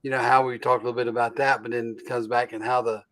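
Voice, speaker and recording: A man hosting an interview, responding calmly and reflectively with frequent affirming murmurs. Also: mid-range voice, fast talker. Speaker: host.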